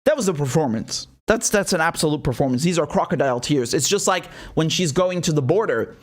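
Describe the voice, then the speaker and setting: A man's voice: on the high side, lively intonation, a little fast. Heated sarcastic political commentator, man. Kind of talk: opinion monologue.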